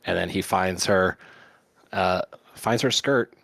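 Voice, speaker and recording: Very deep-voiced man, dry sound. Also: slow, vocal fry, a bit bright, no echo. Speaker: podcast co-host. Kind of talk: casual chat.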